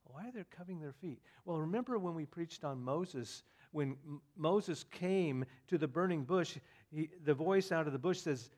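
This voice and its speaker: A man preaching a sermon, dropping to soft asides and then rising to loud emphatic declarations. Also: on the high side, expressive, normal speed. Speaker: pastor.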